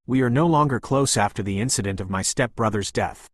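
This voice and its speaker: A man voicing a gracious, elegant woman who speaks warmly and politely as a welcoming hostess. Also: medium pitch, fairly quick, no echo, studio quality, close to an everyday voice.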